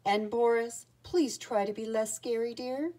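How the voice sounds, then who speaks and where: A woman voicing a kind, motherly hen schoolteacher who fusses gently over her class, in a storybook reading. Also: a little high, unhurried. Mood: gentle.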